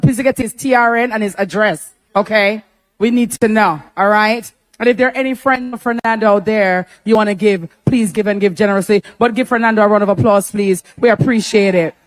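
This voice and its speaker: A woman with a Jamaican accent hosting a live telethon, bantering in lively patois-laced talk. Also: on the high side. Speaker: telethon host.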